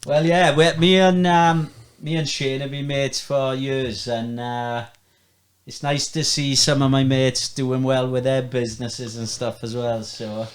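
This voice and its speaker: A man hosting a casual podcast chat, relaxed and joking, swearing freely. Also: medium pitch, a little slow. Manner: laid-back, banter-heavy, swears freely. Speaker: podcast host.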